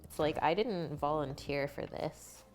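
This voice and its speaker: Unhurried chatty woman hosting a cooking stream. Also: low-pitched, a little mellow, soft background music. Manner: chatty, answers viewers' comments by name. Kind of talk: casual chat while cooking.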